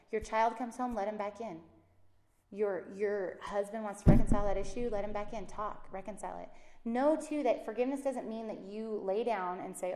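A woman teaches from the Bible in a relaxed, conversational way, slipping into quick acted voices for the people she quotes. Her voice sits at an ordinary middle pitch. The room around her gives a noticeable echo. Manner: chatty and animated, acts out quotes with rising pitch. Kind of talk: casual devotional teaching.

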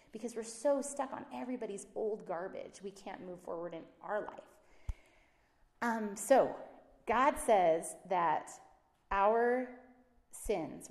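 A woman, a Christian speaker and mother, giving a casual faith talk and acting out the voices she quotes. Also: mid-range voice. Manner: animated, acts out quoted voices. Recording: roomy echo.

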